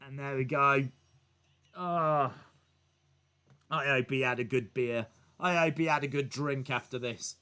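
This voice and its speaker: A man calls wrestling action live for his stream, joking and breaking into shouts. His voice is high for a man and very bright, and he swings through a wide pitch range while unhurried between outbursts. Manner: excitable, joking, bursts into shouts. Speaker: streamer hosting a wrestling watch-along. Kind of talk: live reaction commentary.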